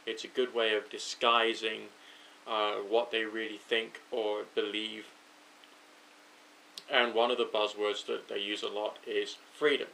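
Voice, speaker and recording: A man's voice: lowish voice, flat delivery, unhurried, vocal fry, pushed and bright, slight background noise, low-quality recording. A British man speaking his thoughts aloud to camera late at night, overtired and rambling, correcting himself as he goes. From United Kingdom. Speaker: vlogger. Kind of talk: late-night thinking out loud.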